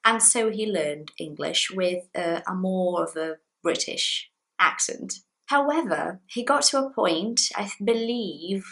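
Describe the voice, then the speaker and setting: A woman, a Portuguese speaker, giving a casual English lesson to camera in an animated, chatty way with lively pitch jumps. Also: a little slow, rough recording. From Brazil. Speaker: English teacher.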